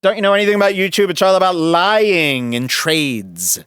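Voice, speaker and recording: A man's voice: high-pitched, expressive, moderate pace, a bit bright, smooth, dry recording, studio quality. A man hosting a podcast, giving sarcastic, rambling, jokey commentary on a video clip. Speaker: podcast host.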